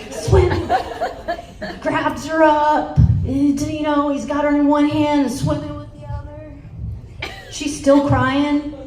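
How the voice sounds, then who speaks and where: Motivational speaker, young adult woman, higher voice, lively and laughing, heard from far off in an echoey hall. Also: a little hiss or hum. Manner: animated, laughing storyteller with many restarts. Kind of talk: storytelling speech to a live audience. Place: conference hall.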